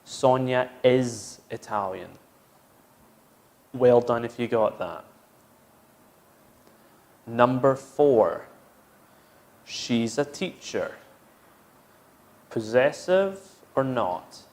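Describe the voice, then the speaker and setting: Male English teacher, unhurried, patiently repeats examples for learners. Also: mid-range voice, lively intonation, darkish tone. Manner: explains step by step, repeats each example sentence. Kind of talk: slow, patient grammar lesson.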